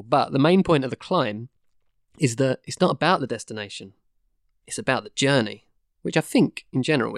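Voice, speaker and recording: A man's voice: medium pitch, creaky, no room sound, clean studio sound. A man co-hosting a podcast, chatting casually, explaining things and laughing often. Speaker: podcast co-host.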